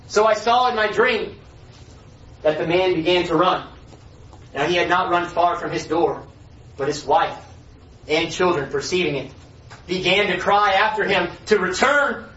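High-voiced preacher in an echoey hall. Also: male voice, normal speed. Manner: earnest reading, rising forceful on key lines. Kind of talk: sermon with scripture reading. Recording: echoey hall, voice far from mic, dull lo-fi.

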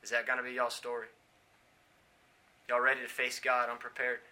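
A man preaching a sermon, swinging from hushed pleading to loud shouting. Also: mid-range voice, completely flat delivery, normal speed.

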